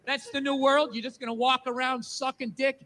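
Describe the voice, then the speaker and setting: A man's voice: extremely high pitch, level tone, fairly quick, sharp tone, a little hiss or hum. A man doing a stand-up comedy routine, ranting in a profane way and putting on mocking voices.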